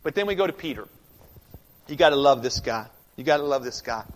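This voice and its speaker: A man preaching a sermon as pastor, emphatic, swinging from loud declarations to hushed, intense passages, in a church sanctuary. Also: mid-range voice, expressive, fairly quick. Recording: long reverb of a large sanctuary.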